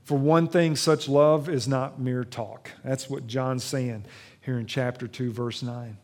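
A man preaching a sermon in a church, retelling a Bible story with dramatic swings between loud emphasis and hushed tenderness. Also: mid-range voice, steady tone, measured pace. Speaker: pastor.

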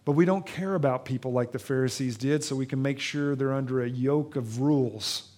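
A pastor with a medium-pitched voice preaches a sermon in a church at a brisk pace, retelling a Bible story. He swings dramatically between loud emphasis and hushed tenderness.

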